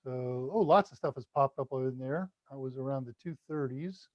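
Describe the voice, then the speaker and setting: An American man hosts a casual live Q&A stream, chatty and self-deprecating, reading out viewer comments and laughing at his own jokes. His medium-pitched voice moves at a moderate pace on a dry recording with the highs cut off.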